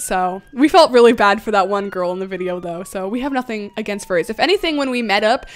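A bubbly young woman livestreaming a game, with a fairly high, light voice. She giggles often and chats away casually, answering viewers as she plays. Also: clean tone. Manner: giggly, bubbly, chatty, reads chat aloud; usually talks fast. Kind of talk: casual livestream chat while gaming.

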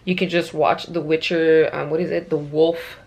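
A woman's voice: sits low, flat delivery, moderate pace, darkish tone. A young woman vlogging in a casual, bubbly way, chatting on with lots of fillers. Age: young adult. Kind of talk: casual vlog chat.

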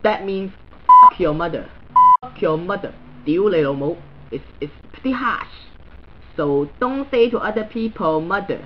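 A man's high-sitting voice comes through lo-fi sound with a little hiss or hum as he performs a comedic monologue. His character is a crude, blunt middle-aged Chinese man new to social media, ranting heavily in broken English and stuttering over repeated words.

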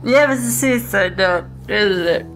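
A woman's voice: mid-range voice, a little slow, fairly bright tone, soft background music. A woman streaming a horror game, reacting with jittery swearing and nervous laughter and reading game text aloud. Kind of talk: live gameplay commentary.

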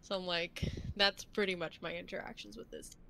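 A woman's voice: fairly low pitch, fairly even intonation, moderate pace, vocal fry, rough recording. A young woman who teaches game design, chatting casually and rambling with restarts and swearing while streaming a game at home. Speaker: college game-design instructor. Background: game music.

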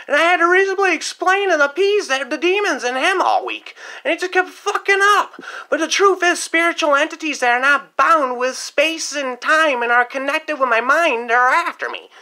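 Woman performing a paranoid stoner farmhand; high, bright, rambling and profane comedy monologue. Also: expressive, moderate pace. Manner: rambling, repeats "man" constantly, swears often. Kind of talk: comedic story-time monologue.

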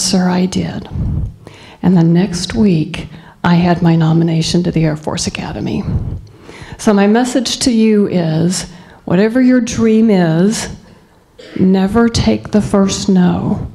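A woman's voice: fairly low pitch, normal speed, dark tone. A woman in her fifties from Southeast Texas, giving a motivational speech to students and telling her story in an earnest, emphatic way. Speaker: guest speaker.

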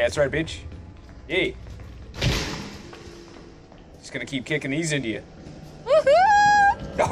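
A man giving excitable let's play commentary, swearing and yelling at enemies as he plays. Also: high-pitched. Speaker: gamer.

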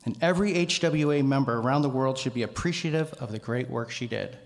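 A man's voice: medium pitch, fast talker. A man hosting an awards ceremony and introducing the next speaker in a formal, announcing manner. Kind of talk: stage introduction. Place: large convention hall. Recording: reverberant hall, from a distance.

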